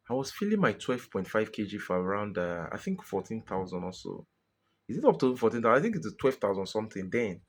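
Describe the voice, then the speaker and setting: A man's voice: lowish voice, husky. A Nigerian man venting in a frustrated personal monologue to his viewers, exasperated and pleading, often repeating himself. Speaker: vlogger.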